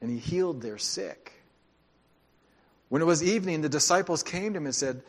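A man preaching a sermon as pastor, speaking conversationally and dropping into quiet, emphatic asides. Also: on the high side, animated, normal speed, husky.

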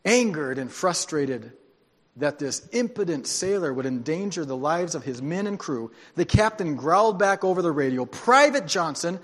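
A pastor giving a sermon, telling a story dramatically and moving between hushed and loud passages. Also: male voice, a little high, animated, moderate pace. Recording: long hall reverb.

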